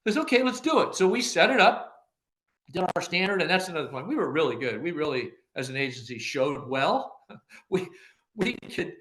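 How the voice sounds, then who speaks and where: An older man recounting his career in a relaxed interview, slipping into the voices of the people he quotes and laughing as he goes. His voice sits fairly high for a man and sounds bright and forceful. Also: normal speed. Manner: animated storyteller who acts out quoted dialogue, laughing often. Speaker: former agency director, podcast guest. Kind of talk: anecdotal interview storytelling.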